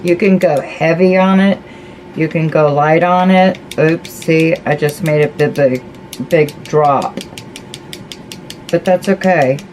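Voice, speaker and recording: Woman, low voice, unhurried, chatty craft vlog, faint background hiss. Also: steady tone, darkish tone, rough recording. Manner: chatty, folksy, talks to herself while painting. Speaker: crafting vlogger. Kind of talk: casual craft tutorial chat.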